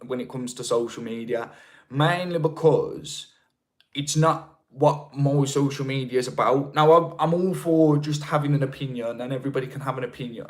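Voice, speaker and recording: Male streamer, Birmingham accent, casual and chatty, mid-pitched voice. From England. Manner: chatty, rambling, with frequent restarts. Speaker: livestream host. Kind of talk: casual live-stream chat reading comments.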